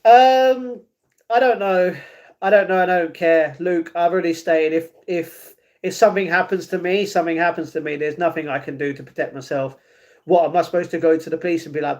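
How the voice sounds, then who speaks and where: A man's voice: fairly high pitch, fairly even intonation, a little fast, darkish tone. A British man streaming live, rambling casually and answering messages from his chat.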